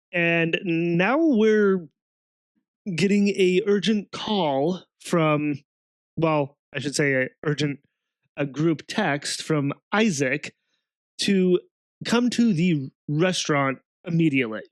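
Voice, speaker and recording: A man hosting a let's play, commenting casually on gameplay, chuckling often and halting with fillers. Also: fairly high pitch, smooth, no echo, clean studio sound.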